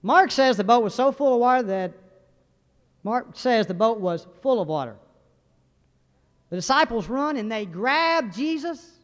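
A man's voice: very high voice, expressive, a little slow, long pauses. A man preaching a sermon in a folksy, joking way, firing questions at the congregation. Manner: folksy, humorous, asks the crowd questions. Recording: dull recording with long hall reverb.

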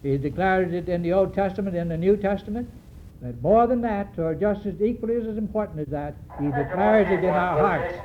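High-voiced preacher on a dull old tape. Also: male voice. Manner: earnest, halting, many fillers and restarts. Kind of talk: sermon. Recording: dull lo-fi recording with faint hiss.

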